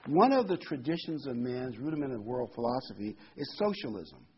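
A middle-aged man preaching a prophecy sermon, reading scripture and repeating phrases for emphasis, his loudness rising and falling. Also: mid-range voice, very animated, fairly quick, a little hiss or hum. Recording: dull lo-fi sermon recording.

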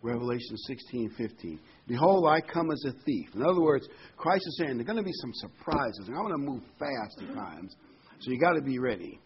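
A man's voice: medium pitch, lively intonation, a little fast, a little hiss or hum. Emphatic male preacher, lo-fi recording. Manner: conversational, emphatic, repeats phrases. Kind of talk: sermon. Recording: dull lo-fi recording.

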